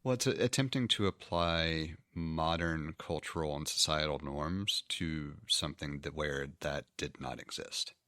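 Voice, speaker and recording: A man co-hosting a casual podcast chat, choosing his words in a measured, careful way. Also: very deep voice, sharp tone, dry recording, clean studio sound. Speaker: podcast co-host.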